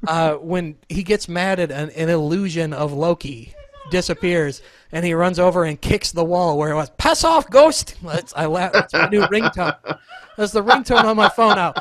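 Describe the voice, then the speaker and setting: A man's voice: on the high side, fairly even intonation, moderate pace, a bit bright, slight background noise. Joking man hosting a video-call chat. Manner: joking, rambling, self-deprecating. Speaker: podcast host.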